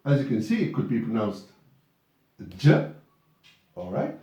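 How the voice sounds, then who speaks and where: A man's voice: medium pitch, big pitch swings, quick pace, mellow. A man teaching English pronunciation in a classroom, patiently repeating words and calling on students. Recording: echoey classroom from far off.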